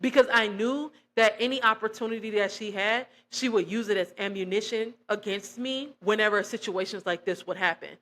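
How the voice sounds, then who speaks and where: A young woman, telling a personal testimony in a casual, animated way and acting out quoted dialogue. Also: medium pitch, normal speed, few pauses. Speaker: vlogger.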